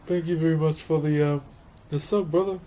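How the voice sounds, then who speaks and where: A man's voice: fairly high pitch, steady tone, a little fast, dark tone. A man with a New Zealand accent chatting casually on a livestream while woodcarving, laid-back and laughing often as he greets his chat.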